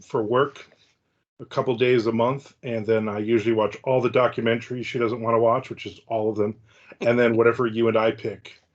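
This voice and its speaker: A middle-aged man with a New Jersey accent hosting a casual podcast chat, rambling and teasing his co-host. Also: medium pitch. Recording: dull lo-fi sound.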